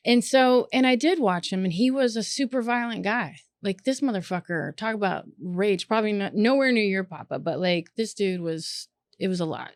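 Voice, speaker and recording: Woman podcast host at middle pitch, lively and earnest in casual chat, cursing freely, dry close recording. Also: no echo. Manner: animated, earnest, profane.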